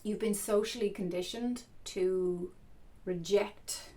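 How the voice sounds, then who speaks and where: A woman coach talking softly and earnestly to camera in an unhurried, reflective way. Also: mid-range voice, steady tone.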